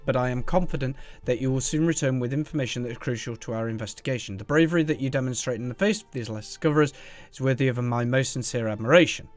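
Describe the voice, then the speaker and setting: A man's voice: medium pitch, fast, soft background music, lightly acted. Man reading as a dying old professor. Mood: solemn. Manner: solemn, formal, with a vague put-on foreign accent. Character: dying old male professor writing a farewell letter.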